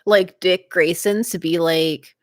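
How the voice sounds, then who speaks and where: A woman's voice: fairly low pitch, steady tone, takes it slowly, no room sound, studio quality. A woman hosting a livestream, chatting casually and giggling often. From Canada. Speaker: livestream host.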